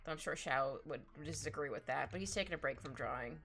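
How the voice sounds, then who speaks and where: A woman's voice: low voice, fast, a bit bright. A young woman chatting casually and playfully with her viewers as she draws on a live stream, laughing often. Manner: giggly, playful, talks to chat. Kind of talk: casual chat while drawing. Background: faint music.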